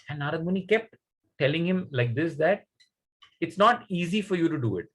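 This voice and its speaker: A man's voice: on the high side, animated, normal speed, a bit bright, low-quality recording. A man telling a story to children in a conversational way, often asking them questions.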